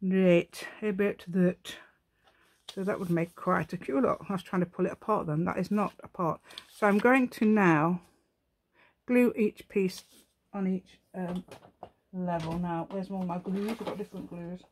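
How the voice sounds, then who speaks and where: Her voice lowish and steady, her pace measured, a middle-aged woman hosts a relaxed crafting tutorial on her channel. She keeps up a chatty stream of thoughts as she works, gently ribbing herself and humming or singing little melodies.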